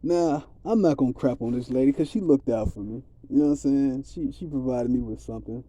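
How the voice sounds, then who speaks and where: A man's voice: medium pitch, fairly quick, dark tone, lo-fi sound. A man giving a rambling, streetwise spiritual monologue in a casual, preachy way. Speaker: vlogger.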